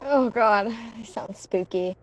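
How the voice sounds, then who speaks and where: A woman's voice: mid-range voice, slow. A woman playing a character in a horror tabletop game, describing her moves casually and laughing easily. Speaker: player.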